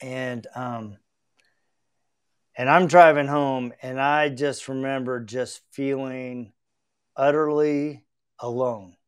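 A man's voice: mid-range voice, steady tone, takes it slowly, long pauses, smooth. A middle-aged man hosting a podcast, telling a personal story in an earnest, reflective way with frequent restarts. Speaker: podcast host. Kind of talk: heartfelt conversational storytelling.

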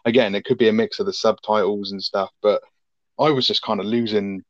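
Low-voiced sweary man, dry lo-fi sound. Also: steady tone, fairly quick, dry recording. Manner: rambling, sweary, laughing. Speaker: podcast co-host. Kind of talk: casual film review chat.

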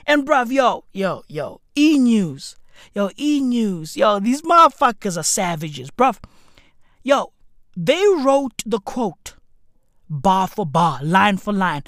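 A woman giving a sarcastic, mock-solemn commentary rant, full of slang and profanity, that swings to sudden shouts. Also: fairly high pitch, expressive, takes it slowly, no room sound, clean studio sound. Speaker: online commentator.

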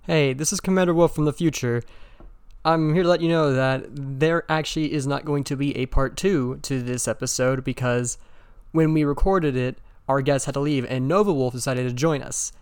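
Young man, podcast co-host, smooth voice, matter-of-fact, dry close recording. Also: mid-range voice, moderate pace, no echo. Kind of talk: inserted pre-recorded announcement.

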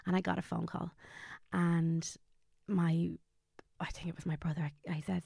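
A woman tells an emotional personal story as a podcast guest. Her voice has a gravelly creak, and she often falters and drops to a hushed tone. The sound is close and dry. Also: lowish voice, level tone, dry recording. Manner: halting, drops to a hushed near-whisper on painful memories.

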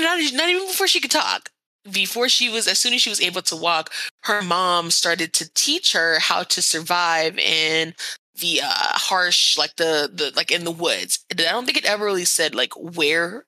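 A woman's voice: on the low side, pushed and bright, no echo. A woman co-hosting a podcast, telling a story in a chatty, rambling way with lots of fillers. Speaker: podcast co-host. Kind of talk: casual podcast chat.

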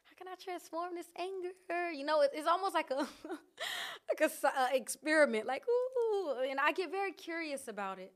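High-pitched woman vlogging, chatty and candid, laughs a lot. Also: fast, few pauses. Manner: candid, animated, laughs often. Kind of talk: casual reflective chat. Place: outdoors in nature.

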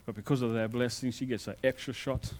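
Speaking fast in a steady, mid-range voice, a male pastor preaches conversationally, weaving stories into his sermon. He shifts back and forth between loud emphasis and quiet asides.

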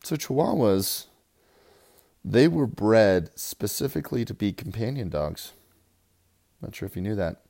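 Gravelly, crude fantasy football guy. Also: fairly low pitch, lively intonation, measured pace, long pauses. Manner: crude, rambling, swings from loud hype to mumbling. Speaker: fantasy football league player. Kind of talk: profane casual recap.

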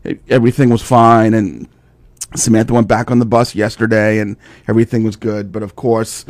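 A man's voice: on the low side, level tone, brisk, no echo. A man, hosting a podcast and telling a rambling story in casual chat, full of fillers and swearing. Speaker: podcast host.

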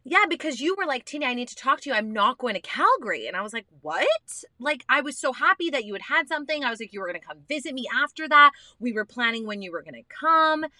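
Bright-voiced young woman chatting candidly. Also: sits high, fast talker, hardly any pauses, dry recording, clean studio sound. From Canada. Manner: candid, excitable, swears casually. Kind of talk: casual chat.

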